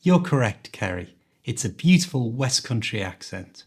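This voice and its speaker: A man with a mild Liverpool Scouse accent, hosting an accent quiz in a clear, teacherly way. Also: mid-range voice, very animated, moderate pace, darkish tone. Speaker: podcast host, English teacher. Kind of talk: quiz host, scripted podcast.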